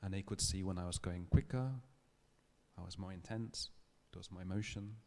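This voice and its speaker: A man giving a public lecture, telling a story in a thoughtful, measured way with small restarts. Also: deep voice, steady tone, darkish tone. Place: lecture hall.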